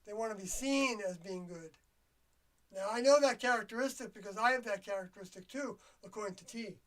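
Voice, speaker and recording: An older host, alone on a livestream, muses in a confiding, rambling way with a mid-range voice that's a bit bright. His speech is hesitant, with phrases that trail off mid-search for the right word, and he sounds a touch distant from the mic.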